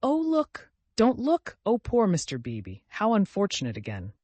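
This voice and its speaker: A man's voice: fairly high pitch, sing-song, normal speed, dry recording. A man voicing a fussy, flustered older mother who exclaims and scolds in a raised voice. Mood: flustered fussing.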